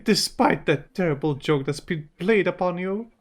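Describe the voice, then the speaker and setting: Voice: medium pitch, moderate pace, lightly acted. A player voicing a polite young French noblewoman at a party in a tabletop role-play.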